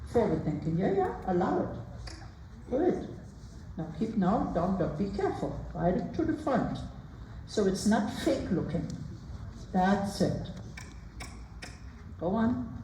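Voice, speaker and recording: A woman coaching a rider in an arena, calling out short, brisk commands and counting strides. Her voice is mellow and rises and falls a lot. It sounds roomy and far from the mic, with faint ambience behind her. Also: mid-range voice, a little hiss or hum. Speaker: riding instructor. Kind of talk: live coaching during a riding lesson. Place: riding arena.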